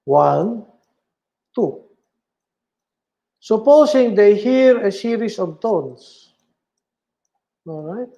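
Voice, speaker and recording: A man lectures on philosophy at a slow, careful pace, repeating each term and checking in with his listeners. His voice sits high for a man. The recording is dull and lo-fi. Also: animated, gravelly, dark tone. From Philippines. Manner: slow and deliberate, repeating key terms and checking with "all right?". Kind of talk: online lecture.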